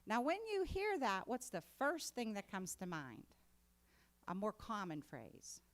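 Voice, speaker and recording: A woman's voice: medium pitch, wildly swooping pitch, a little slow. A woman preaching a sermon in a conversational way that builds to emphatic exhortation. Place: congregation meeting hall.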